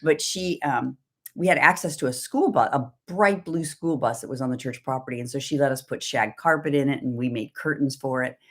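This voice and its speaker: A woman's voice: very deep voice, fairly quick. Woman telling a personal devotional story. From Southern California. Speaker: co-host. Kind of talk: livestream devotional talk.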